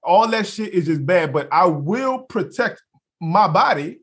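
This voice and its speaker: High-voiced, lively young male podcast co-host, storyteller who acts out quotes. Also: a little slow. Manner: animated storyteller, acts out quotes, laughs, swears freely. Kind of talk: casual podcast chat, storytelling.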